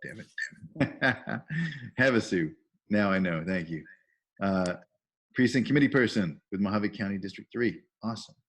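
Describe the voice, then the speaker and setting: A middle-aged man with a somewhat low voice hosts a volunteer training over a video call. He talks casually and enthusiastically, greeting attendees one by one and heaping upbeat praise on them. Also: unhurried. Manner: enthusiastic, reads out chat messages with upbeat praise.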